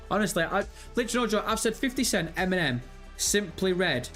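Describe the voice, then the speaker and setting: A man's voice: fairly high pitch, expressive, moderate pace, fairly bright tone, soft background music. A young man in his twenties with a Birmingham accent, chatting casually on a live stream, rambling and swearing freely as he reads out viewer comments. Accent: Birmingham English. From England. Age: 20s. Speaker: livestream host.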